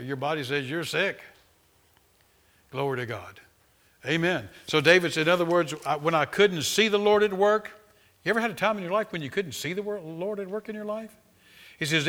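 A man preaching a sermon as pastor, swinging from loud exhortation to quiet, close talk, with frequent amens and hallelujahs. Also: on the high side.

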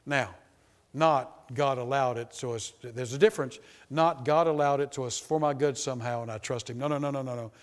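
A man preaching to a congregation with a steady mid-range voice, hammering points through repetition and dropping to hushed, earnest asides. His voice rings out in a hall with a long echo trailing behind it. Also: medium pitch, fairly quick, few pauses. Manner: emphatic, repetitive, shifts between loud and hushed. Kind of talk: sermon.

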